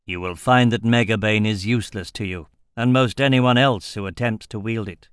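Man playing a calculating merchant, slow and deliberate, low voice. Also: clean tone, dry recording, studio quality, close to an everyday voice. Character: shrewd older male merchant, calculating and measured.

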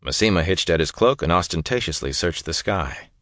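Low-voiced and even, this male narrator delivers an audiobook at a measured pace. The sound is clean studio audio with a dry character.

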